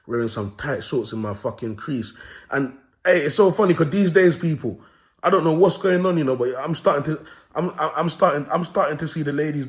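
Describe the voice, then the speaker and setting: Animated young London man ranting. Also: medium pitch. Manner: animated, swearing, laughing at his own jokes. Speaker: host. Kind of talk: ranting comedic commentary.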